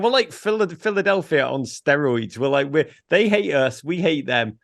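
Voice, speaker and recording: Excitable Liverpudlian man, gravelly. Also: a little high, no echo, studio quality. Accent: Liverpool English. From Liverpool, England. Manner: witty, excitable, quick jokes. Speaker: guest. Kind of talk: animated interview chat.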